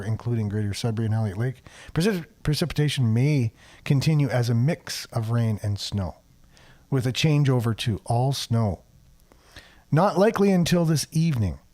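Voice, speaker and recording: A man on local talk radio reads the weather in a loose, conversational way, with plenty of "uh"s and dry sarcastic asides. His voice sits at an ordinary middle pitch for a man. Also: darkish tone. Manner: chatty, sarcastic asides, frequent fillers. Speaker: radio show host. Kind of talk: casual talk radio, reading a weather forecast.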